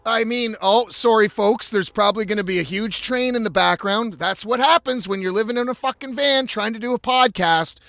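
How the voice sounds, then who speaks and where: A man's voice: high-pitched, normal speed, few pauses, a bit bright, dry recording. A man hosting a casual solo podcast from inside his van, ranting with lots of swearing and restarts. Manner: profane, exasperated ranting with frequent restarts. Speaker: podcast host.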